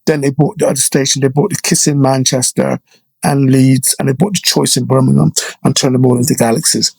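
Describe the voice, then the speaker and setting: Animated storyteller, a middle-aged man from Jamaica. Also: mid-range voice, brisk, vocal fry, husky, no room sound. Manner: animated storyteller, frequent "you know" and "right?" tags. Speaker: guest DJ. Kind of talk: casual storytelling interview.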